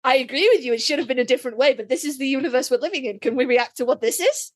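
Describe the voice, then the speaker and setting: Woman, podcast co-host, very high pitch, emphatic, swears freely. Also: very fast. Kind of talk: casual chat.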